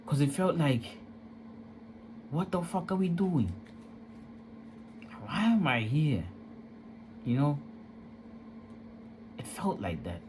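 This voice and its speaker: A man's voice: medium pitch, darkish tone, slight background noise. A young man candidly telling a personal story, emotional and profane, in casual street slang.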